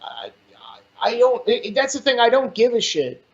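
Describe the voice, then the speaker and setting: On a podcast, a male guest with a very high voice talks politics casually at normal speed. He is blunt, animated and freely profane, and the sound is dull and lo-fi.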